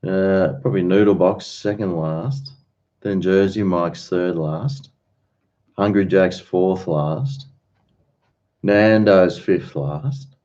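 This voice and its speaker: A man with a low, mellow voice chats loosely with his livestream audience and reads their comments aloud. His talk wanders from topic to topic. The audio is dull and lo-fi. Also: slow. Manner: chatty, rambling, answers chat comments. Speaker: livestream host. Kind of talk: casual chat with viewers.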